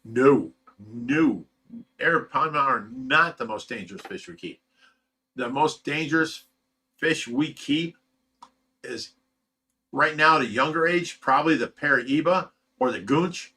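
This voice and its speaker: Hosting a casual fish rescue livestream, a man reads viewer comments aloud and answers them loosely and bluntly, chuckling often. His mid-range voice is expressive, bright, and forceful with a breathy edge, at a measured pace.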